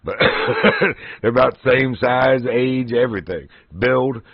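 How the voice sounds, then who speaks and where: Telling folksy, casual stories on his livestream, a man laughs frequently as he goes. He speaks slowly at medium pitch, and the recording is dry, dull lo-fi stream audio.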